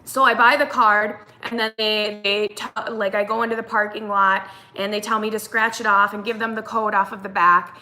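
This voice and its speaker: A woman's voice: mid-range voice, moderate pace, few pauses. A young woman vlogger casually telling a story, acting out what people said and using lots of fillers. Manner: animated retelling, acts out quotes, fillers like "like".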